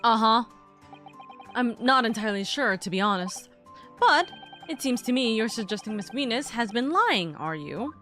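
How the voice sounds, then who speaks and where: A woman's voice: fairly high pitch, animated, moderate pace, a bit bright, soft background music. A woman voicing a young female investigator who questions people with dry skepticism, reading game dialogue aloud. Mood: probing.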